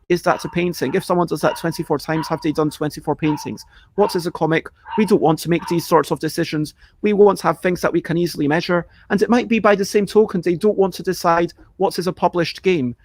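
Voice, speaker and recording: A man's voice: sits high, fairly even intonation, fairly quick, slight background noise. A man hosting a casual live stream, answering viewer questions in a rambling, chatty way and sometimes acting out panicked reactions. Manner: chatty, self-interrupting, acts out panicked reactions.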